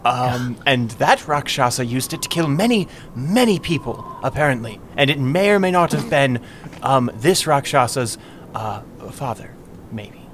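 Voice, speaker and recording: A man's voice: medium pitch, lively intonation, measured pace, fairly bright tone, slight background noise. A man voicing a nervous young male bard who stammers and rambles under threat. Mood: flustered. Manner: stammering, flustered.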